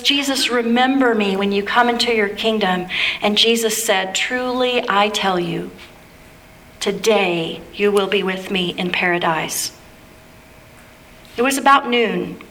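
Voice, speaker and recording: A woman giving a measured, reverent liturgical reading of a scripture passage. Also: on the high side, sharp tone. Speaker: scripture reader.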